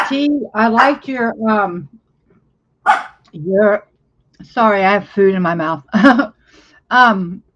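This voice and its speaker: A woman's voice: fairly high pitch, dull audio. A woman from America hosting a casual livestream chat, speaking hesitantly with many fillers and frequent laughs. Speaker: livestream host.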